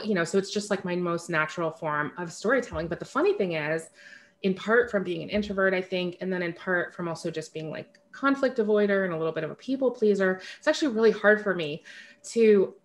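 A woman author talking candidly in an interview, chatty and self-correcting, often laughing at herself. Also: on the low side. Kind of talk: casual interview conversation.

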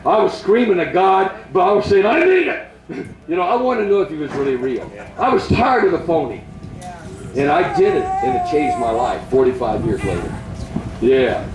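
An older man preaching at a revival, leading a crowd in shouted call-and-response prayer. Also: on the high side, expressive, moderate pace, echoey room, low-quality recording.

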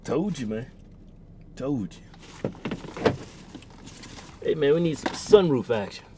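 A laid-back man drawls through easy, joking banter from the seat of a car, tossing "man" into nearly every line. Faint road hum runs under his ordinary mid-pitched voice. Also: expressive, takes it slowly. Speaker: co-host. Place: inside a car at a drive-thru. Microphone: camera mounted in the car.

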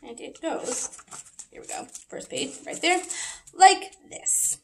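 A children's librarian reading a picture book aloud at storytime, animated and asking the children questions. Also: female voice, sits high, takes it slowly, creaky.

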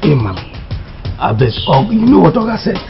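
A man's voice: fairly high pitch, big pitch swings, fairly quick. A man with a Nigerian Pidgin accent playing a young male servant who pleads with and soothes his madam. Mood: pleading. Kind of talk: film drama acting. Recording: dull lo-fi film audio with music.

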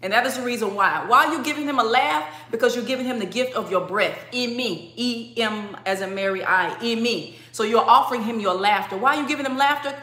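A woman teaching a spiritual workshop in a lively way, acting out crying and laughing as she explains. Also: fairly high pitch, fairly quick, few pauses, echoey room.

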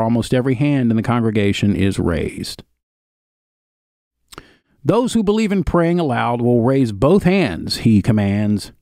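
A man's voice: fairly high pitch, no echo, clean studio sound. A man narrating a video, reading an old written account aloud and stopping now and then for casual asides. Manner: steady reading, broken by casual spoken asides.

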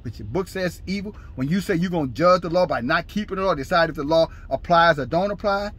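Fiery, husky preaching man. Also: a little high, fast talker. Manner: scolding, preaching in bursts, shouting scripture. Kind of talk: fiery street-style sermon.

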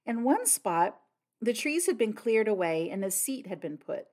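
A woman narrating an audiobook of a classic mystery. Her reading is expressive, with a lively pitch that rises and falls, set in a middle register. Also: moderate pace.

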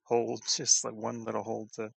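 Flat gravelly male player. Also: moderate pace, no echo. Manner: low-key, short replies. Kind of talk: casual tabletop game chat.

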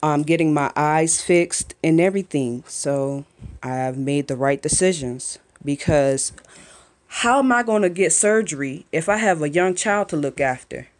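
A young woman vlogging as a mother at home, talking candidly and emotionally with halting restarts, into a phone camera. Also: sits low, animated. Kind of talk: emotional personal vlog. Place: home, just after a shower.

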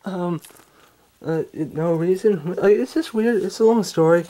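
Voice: mid-range voice, dark tone, voice pushed up, natural voice. A performer voicing a bearded man pretending to be a woman, speaking hesitantly with many ums. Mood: awkward. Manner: hesitant, halting, full of ums. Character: bearded man posing as a lady, nervous.

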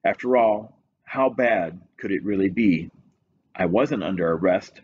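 A man's voice: deep voice, breathy edge. Man narrating a story, dull recording. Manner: steady, measured first-person storytelling. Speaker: reader. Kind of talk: audiobook-style narration.

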